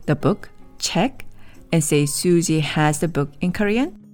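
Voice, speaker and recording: A woman teaching a language lesson, explaining grammar in measured, clear scripted narration and repeating example sentences slowly. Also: low voice, expressive, darkish tone, soft background music.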